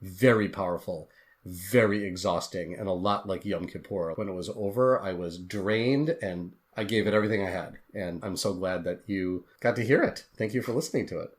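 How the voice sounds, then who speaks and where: A man's voice: deep voice, moderate pace. A man, a guest author on a podcast interview, telling his story in an earnest, heartfelt way.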